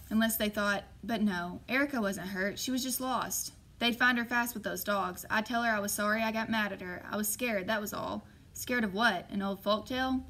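A woman narrating a first-person novel as an audiobook, steady and measured. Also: mid-range voice, rough recording.

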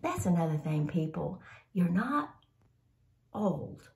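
A woman's voice: lowish voice, expressive, unhurried, reverberant. An older woman, chatting casually to camera about products she likes, a bit sniffly from a cold, rambling and calling viewers y'all. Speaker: vlogger sharing favorite products.

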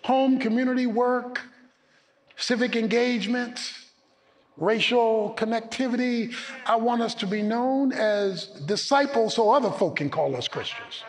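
A man preaching a sermon as pastor, emphatic, swinging between loud declarations and low asides. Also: unhurried, long reverb tail.

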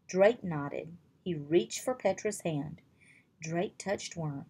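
A woman reading a children's chapter book aloud in slow, even storytelling. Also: fairly low pitch, husky. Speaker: reader.

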